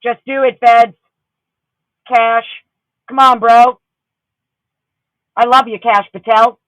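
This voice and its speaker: A woman's voice: on the high side, little pitch movement, takes it slowly, no echo, low-quality recording. Woman ranting profanely on a livestream. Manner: heated, profane, ranting, greets chatters warmly. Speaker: livestream host.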